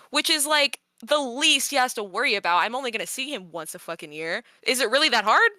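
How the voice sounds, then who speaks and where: Young woman, bright voice, dry close sound, casual podcast storytelling, exasperated. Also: fairly high pitch, brisk, few pauses, dry recording. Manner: animated, exasperated retelling with frequent laughs. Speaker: podcast host.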